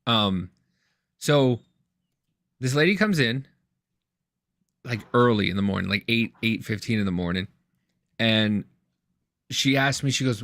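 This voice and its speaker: Gravelly-voiced man telling a story. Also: lowish voice, a little slow, long pauses, dry recording. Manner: rambling, animated anecdote with restarts. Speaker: podcast co-host. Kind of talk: casual chat, storytelling.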